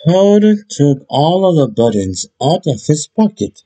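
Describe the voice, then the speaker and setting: A man reading a children's bedtime story aloud in an expressive, deliberate way. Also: a little high, rough recording.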